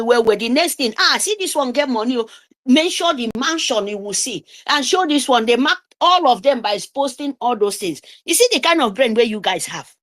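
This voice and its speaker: A middle-aged woman delivers a fiery, scolding speech on a live audio call. Her voice sits fairly high and swings widely in pitch as she hammers each point home over and over. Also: fairly bright tone. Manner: scolding, repetitive, emphatic. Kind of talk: impassioned speech.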